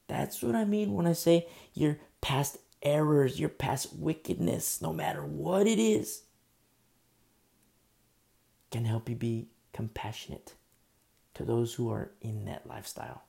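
A man preaching a sermon, impassioned, rising to emphatic questions and dropping to a hush. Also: a little high, animated, measured pace, vocal fry.

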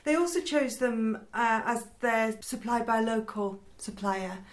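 A woman co-hosting a casual podcast chat, chatty and quick to laugh. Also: fairly high pitch. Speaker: podcast co-host. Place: lived in Yorkshire.

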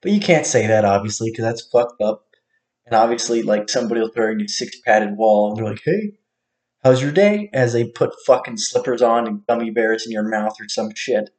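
A man in a casual monologue, ranting with lots of swearing, swinging between low mutters and sudden outbursts. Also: steady tone, fairly quick, a little mellow. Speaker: vlogger.

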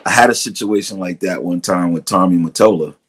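A man's voice: low-pitched, brisk, husky. A middle-aged man with a Brooklyn accent, a drummer telling stories as a guest, acting out quotes and laughing often. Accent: Brooklyn New York. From Brooklyn, New York. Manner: relaxed storyteller, acts out quotes, laughs often. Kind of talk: casual storytelling interview.

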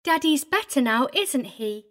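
Creepy little girl, put on by a male narrator, lisping, giggly, high, slow and sing-song. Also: very animated, fairly bright tone, full character voice. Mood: sweetly sly. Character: sly eight-year-old girl, sweet but sinister. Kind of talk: audiobook reading.

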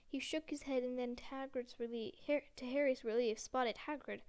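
A woman reads a novel aloud as narrator, plainly and steadily. Her voice is high and smooth, clear on every word. She stumbles now and then and corrects herself mid-sentence. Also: steady tone, normal speed, hardly any pauses, a little mellow. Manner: plain reading with frequent slips and self-corrections. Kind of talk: audiobook reading of a novel.

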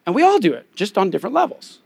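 A man's voice: high-pitched, wildly swooping pitch, very fast, creaky, husky. A young adult man, a pastor, preaching a conversational sermon and telling candid personal stories.

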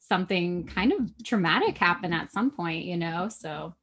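A woman author, a guest on a podcast, chatting in an animated way with frequent laughter. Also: fairly low pitch, normal speed, breathy edge. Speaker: guest, author and manifestation coach. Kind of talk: casual chat.

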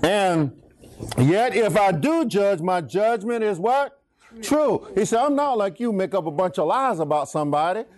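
A man's voice: lively intonation, moderate pace, a little mellow. A middle-aged man, teaching from the Bible as a pastor and having the congregation finish his lines. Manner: preachy, swings pitch, asks congregation to finish lines. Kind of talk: call-and-response Bible teaching.

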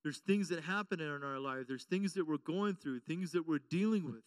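This man's voice is on the high side and moves at a normal speed, picked up by a distant mic with no echo. Preaching a sermon in church, he is emphatic and repetitive, repeatedly asking the congregation questions for them to answer.

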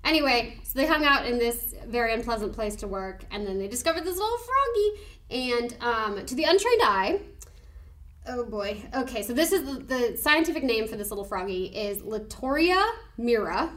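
Woman podcast co-host, high voice, excitable and giggly. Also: moderate pace. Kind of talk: casual podcast chat.

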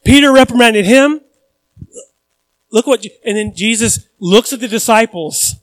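A male pastor with a high voice delivers a sermon. He preaches in a lively, conversational way, mixing jokes with questions to the congregation. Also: a little slow, rough recording.

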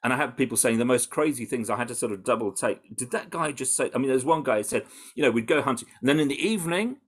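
Animated British man, lively pitch. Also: quick pace, husky. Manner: animated, full of restarts and "you know". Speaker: campaigner interviewed about undercover research. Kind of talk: conversational interview answers.

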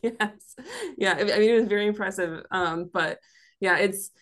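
A woman's voice: medium pitch, moderate pace, a bit bright. A woman guest telling a family story in a casual, chatty way with many fillers. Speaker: history center staff guest.

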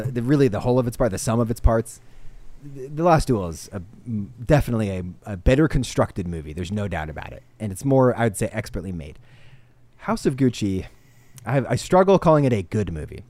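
A young man co-hosting a podcast, rambling eagerly through his film opinions with lots of restarts. His voice sits in a middle pitch. The recording is dry and close. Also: sing-song, brisk, mellow, no echo. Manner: rambling and enthusiastic, many restarts. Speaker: podcast co-host. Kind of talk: casual film review chat.

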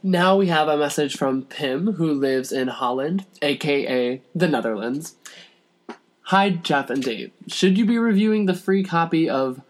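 A young adult guest on a family podcast at home, reading listener letters in a lively way, with laughing asides. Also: mid-range voice, measured pace, a little hiss or hum.

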